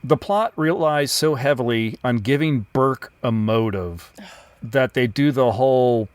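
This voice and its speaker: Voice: medium pitch, measured pace, clear, resonant tone, no echo. A podcast co-host chatting casually about an old film, making wry remarks.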